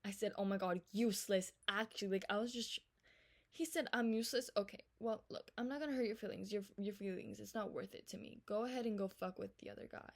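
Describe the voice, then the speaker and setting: A young woman with a mid-range voice and vocal fry tells a storytime vlog about a text fight. She talks fast, swears, and sounds fed up, alternating between loud rants and quiet asides.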